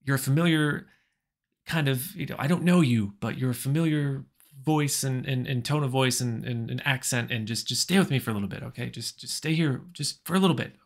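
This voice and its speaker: A man doing a hushed, pleading celebrity podcaster. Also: mid-range voice, brisk, creaky. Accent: American. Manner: hushed, insistent, repeating himself. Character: famous middle-aged male podcaster, pleading and cagey.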